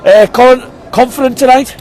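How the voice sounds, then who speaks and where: A man, vlogging in an excited, chatty way as he heads to a football match through city streets. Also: very high-pitched, brisk, a faint crowd, a little hiss or hum. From England. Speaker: vlog host. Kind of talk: matchday vlog.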